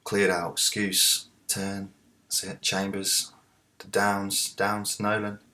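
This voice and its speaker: A man commentating live on a football management game, muttering to himself and then shouting at the players. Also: on the low side, slow pace. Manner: talks to the players, swings from muttering to excited shouts. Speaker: let's play host.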